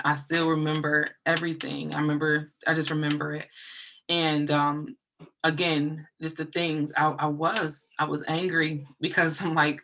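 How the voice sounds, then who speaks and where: A woman telling a personal story in casual conversation, earnest and halting, often repeating herself. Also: sits low, a bit bright, a little hiss or hum, rough recording.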